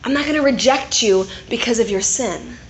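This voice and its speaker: A woman preaching who voices Jesus as a gentle man offering comfort, speaking calmly and tenderly. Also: fairly high pitch, moderate pace, close to an everyday voice. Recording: echoey room, faint noise.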